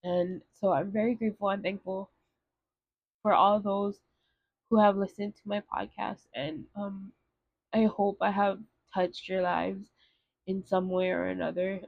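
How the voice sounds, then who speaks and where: A young woman hosting her own podcast, tearful and emotional, speaking haltingly with pauses and sighs. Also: mid-range voice, flat delivery, gravelly, no room sound. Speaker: podcast host. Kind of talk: heartfelt solo podcast monologue. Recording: slightly dull, dry lo-fi recording.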